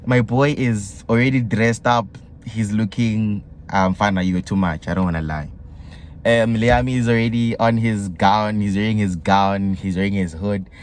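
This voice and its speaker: A young South African man telling a story in a casual vlog, excitable and mixing slang with local words. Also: fairly low pitch, normal speed, slight background noise. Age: young adult. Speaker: vlogger.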